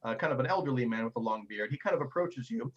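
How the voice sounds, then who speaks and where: A man narrating a tabletop game as game master, a lively storyteller who often stumbles and repeats words. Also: medium pitch, fast talker, husky, muffled recording.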